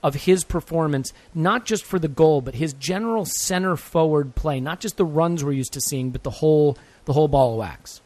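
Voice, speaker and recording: A man co-hosts a football podcast, talking in a playful, energetic, jokey way. His voice sits fairly high for a man, and the sound is dry and close. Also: moderate pace, hardly any pauses, no room sound. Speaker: podcast co-host. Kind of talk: casual chat.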